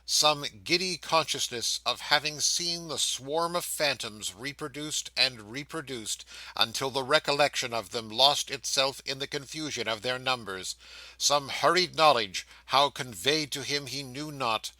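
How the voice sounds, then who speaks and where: A man narrating a classic novel audiobook in a measured, expressive reading. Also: mid-range voice, dry recording, low-quality recording. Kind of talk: scripted narration.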